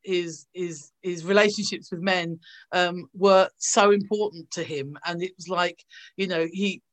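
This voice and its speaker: A woman from England, an actress guest telling animated anecdotes over a video call and acting out the voices of the people in them. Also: on the low side, a little slow.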